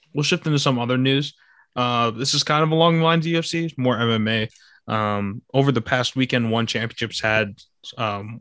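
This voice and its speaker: A man's voice: mid-range voice, a bit bright, dry recording, studio quality. A young man hosting a casual podcast chat, reading news items aloud with lots of fillers. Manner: laid-back, filler-heavy, reads news items aloud. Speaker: podcast host.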